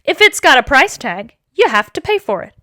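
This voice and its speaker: A woman's voice: high voice, sing-song, normal speed, sharp tone, heavily acted. A woman doing a pushy male cashier. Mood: insistent. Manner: blunt, insistent.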